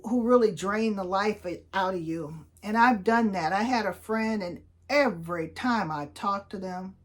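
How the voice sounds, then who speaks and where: A woman in her sixties, a vlogger telling everyday stories in a chatty, upbeat way and acting out the voices of people she quotes. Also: mid-range voice. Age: 60s. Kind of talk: casual storytelling vlog.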